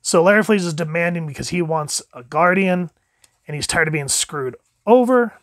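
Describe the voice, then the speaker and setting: A man's voice: moderate pace, a bit bright, no room sound, studio quality. A man casually reviewing a comic book at home, chatty and playing out the quotes. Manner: chatty, acts out quotes with jumps in pitch. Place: home room with dogs.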